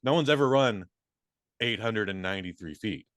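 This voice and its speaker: A man co-hosting a podcast, making wry quick quips in casual banter. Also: fairly low pitch, expressive, fairly bright tone, no room sound, clean studio sound. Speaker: podcast co-host.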